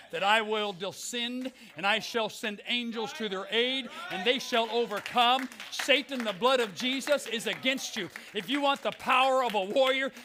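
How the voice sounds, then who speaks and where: A middle-aged man preaching a fervent Pentecostal sermon as pastor, swinging from hushed words to shouts. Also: extremely high pitch. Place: church sanctuary.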